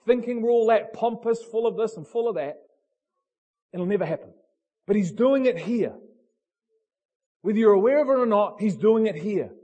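A male pastor preaches a passionate sermon. He speaks bluntly and fires direct questions at the congregation. His voice sits high and comes through husky. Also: darkish tone.

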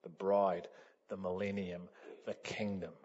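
A man preaching a sermon, telling a story with lively energy and laughter, building up to loud exclamations. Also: low-pitched, a little slow. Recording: dull lo-fi sound.

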